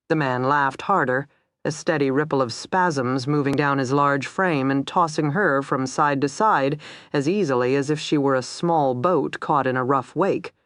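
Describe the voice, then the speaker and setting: A woman narrating a crime thriller audiobook in a measured, even storytelling manner. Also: very deep voice, dry recording, studio quality.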